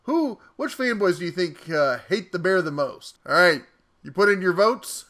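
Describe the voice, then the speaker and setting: Playful man host with a higher voice. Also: lively intonation, normal speed, sharp tone. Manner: playful and jokey, chuckles between lines. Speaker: tool channel host. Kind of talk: comedic reading of viewer comments.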